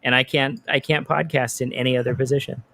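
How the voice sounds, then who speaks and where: A man's voice: medium pitch, little pitch movement, fast talker, gravelly, pushed and bright, no room sound. A young adult man ranting profanely in a casual podcast chat.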